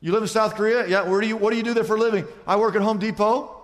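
A man preaching a sermon as a pastor, telling stories in an animated way and swinging from loud to quiet. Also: high-pitched, very fast, long reverb tail.

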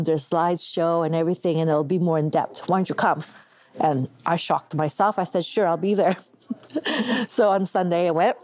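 A middle-aged Canadian woman with a lowish voice gives a personal testimony as an interview guest. She tells it in an animated way, acting out the voices of the people she quotes.

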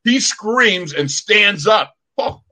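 A man in his sixties with a fairly high voice spins a lively story on a podcast. He plays out the sounds and voices as he goes, in the easy way of a former football player among old teammates. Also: normal speed, slightly rough. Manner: lively, acts out sounds and quotes. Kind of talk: animated storytelling.

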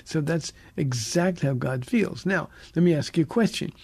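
Pastor guy on call-in radio, gravelly husky voice, dry close mic, earnest preachy delivery. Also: on the high side, darkish tone, no room sound. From United States. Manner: earnest, preacherly, with emphatic slow stresses. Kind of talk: radio call-in Bible teaching. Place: radio studio.

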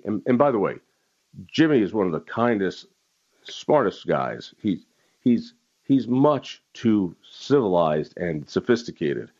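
A man's voice: mid-range voice, a little mellow, highs cut off. A man hosting a talk radio show, delivering a heated political monologue and stressing key words by repeating them.

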